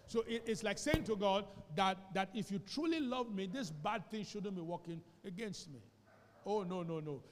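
A man with a Nigerian English accent preaching a sermon as pastor, moving between quiet asides and loud shouted lines and calling for responses from the congregation. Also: on the high side, gravelly, big-room sound, slight background noise. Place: church hall.

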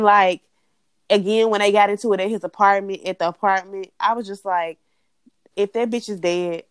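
A young woman co-hosting a casual chat, blunt and animated, swearing freely as she rants. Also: on the low side, smooth, dry recording. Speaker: podcast co-host.

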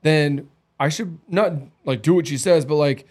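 A man in his thirties talks in an easy, candid podcast chat, on the higher side for a man. He rolls through stories with lively swings in his voice and acts out quoted lines along the way. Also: a little slow. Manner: candid, animated storytelling with acted quotes. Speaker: podcast co-host. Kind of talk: casual chat.

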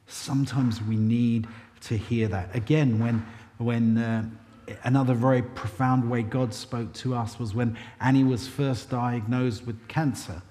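A man's voice: mid-range voice, fairly even intonation, unhurried, mellow. Conversational preacher man in a reverberant church. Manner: conversational storytelling with self-deprecating asides. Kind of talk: sermon.

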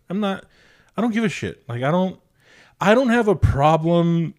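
A man's voice: sits high, lively intonation, moderate pace, darkish tone. A man hosting a podcast in casual, blunt, heavily profane chat. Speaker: podcast host.

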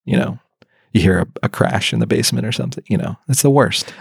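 A man's voice: on the low side, fast talker, gravelly, breathy edge, no room sound, clean studio sound. A man co-hosting a podcast in casual chat. He talks animatedly and laughs often. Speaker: podcast co-host.

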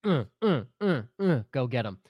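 A man's voice: mid-range voice, very animated, moderate pace, dry recording, lo-fi sound. A man co-hosting a sports podcast with a stuffy, congested voice. He talks bluntly and swears freely. The recording is dry and close, with no room sound. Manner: blunt and profane, runs the listener questions. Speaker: podcast co-host.

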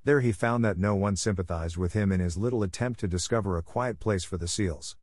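A man reading a classic story aloud as narration, in a measured, clear way for listeners learning English. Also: sits low, a little mellow, no echo. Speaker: audiobook reader.

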